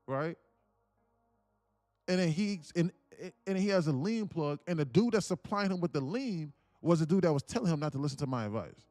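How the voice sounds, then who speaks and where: A man's voice: fairly high pitch, a little mellow, dry recording. A man hosting a trading livestream, telling a long story in a rambling, emphatic way, full of "like" and swearing. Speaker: trading stream host.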